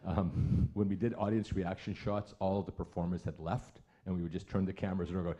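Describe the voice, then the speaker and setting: A man's voice: low-pitched, level tone, brisk, hardly any pauses, mellow, muffled recording. A man, an author, telling a wry comic story on a theater stage. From Canada. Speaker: author on a festival panel.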